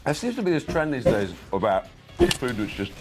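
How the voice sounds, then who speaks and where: A man's voice: mid-range voice, very animated, fairly quick, over loud music. A man from the UK chatting casually and joking as he tastes snacks. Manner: playful, jokey, lots of laughter. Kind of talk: casual food-tasting chat.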